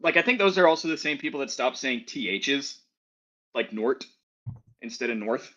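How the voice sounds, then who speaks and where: A man's voice: mid-range voice, lively intonation, fairly quick, pushed and bright, lo-fi sound. A man with a Midwestern accent, a guest on a casual stream, blunt and swearing freely. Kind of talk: casual reaction-stream chat.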